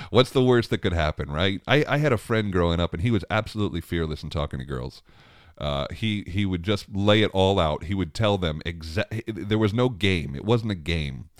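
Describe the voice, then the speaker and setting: A man in his thirties with a very low voice tells a story about his family in a loose, rambling way. He keeps breaking into chuckles and circles back over his own words. The sound is dry and close, with no room echo. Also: animated, moderate pace. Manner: chuckles often, rambling with many restarts and fillers. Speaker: father telling a family story. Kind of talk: casual storytelling monologue.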